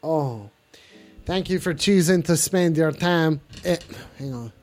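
A man's voice: fairly high pitch, takes it slowly, darkish tone, faint music behind. A man hosting a live call-in show in a clumsy put-on French accent, playful and rambling.

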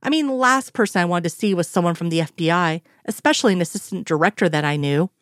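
A woman reading the lines of a young female federal agent in a lively, playful way. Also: lowish voice, quick pace, no echo, studio quality, close to an everyday voice.

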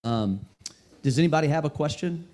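A man's voice: a little high, lively intonation, fairly quick, a little mellow. A man hosting the event, asking questions hesitantly with lots of ums. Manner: hesitant, filler-heavy. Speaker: event host. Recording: distant mic over crowd noise.

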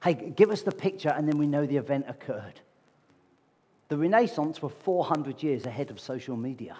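A man delivers a sermon with a husky, slightly raised voice. He talks to the congregation in a conversational way and keeps asking them rhetorical questions. His words ring out with the long reverb of a large hall. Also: fairly high pitch, animated, a little fast, dark tone. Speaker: preacher. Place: church meeting hall.

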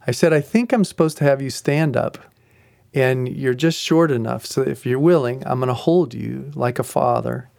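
Middle-aged man, gravelly and dry-miked, earnest animated testimony storyteller. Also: medium pitch, normal speed, no echo. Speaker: ministry group facilitator.

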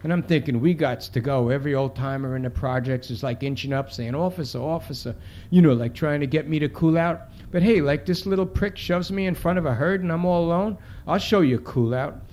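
A man's voice: fairly high pitch, a little fast, darkish tone, a little hiss or hum, natural voice. A man reading as a brash, foul-mouthed street cop. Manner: tough street slang, profane, rambling. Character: streetwise male city cop, brash, defensive. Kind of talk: reading aloud from a novel.

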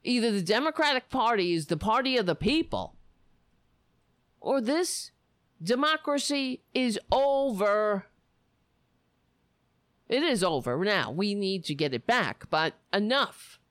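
A woman's voice: medium pitch, animated, measured pace, long pauses, dry recording. A woman delivering an angry, profane political rant full of sarcasm.

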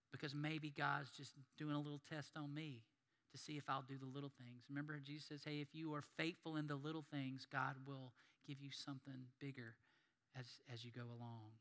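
A man's voice: on the high side, sharp tone, long reverb tail. A man preaching a sermon as pastor in a church, emphatic and folksy, repeating his phrases. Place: church sanctuary.

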